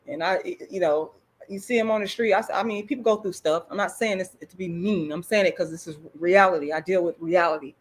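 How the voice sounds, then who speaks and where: A woman's voice: fairly low pitch, a little fast. A middle-aged woman ranting on a live stream, blunt and profane, repeating herself when worked up. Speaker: online commentator. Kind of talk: livestream rant.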